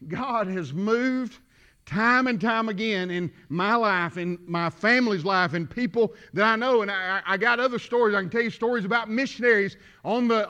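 A man preaching a sermon, telling folksy stories that build to shouting. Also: high voice, dull audio. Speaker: pastor.

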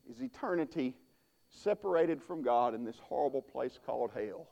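A man's voice: mid-range voice, very animated, normal speed, creaky, mellow. A man preaching a sermon as pastor, folksy and emphatic with frequent restarts.

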